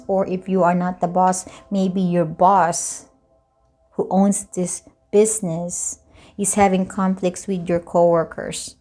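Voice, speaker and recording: Mellow-voiced woman giving a tarot reading. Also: lowish voice. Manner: chatty, loosely explaining, repeats and rephrases. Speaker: tarot reader.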